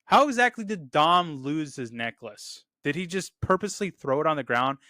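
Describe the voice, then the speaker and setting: A man's voice: a little high, animated, normal speed, bright, forceful tone, no echo, studio quality. A man hosting a casual movie review, enthusiastic and repeating "really, really" often. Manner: quotes lines in a loose put-on delivery. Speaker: film review host.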